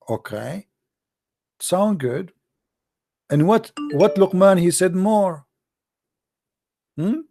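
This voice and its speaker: Call-in debate host, male, mocking and taunting, mellow voice pitched a bit high. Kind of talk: live call-in religious debate.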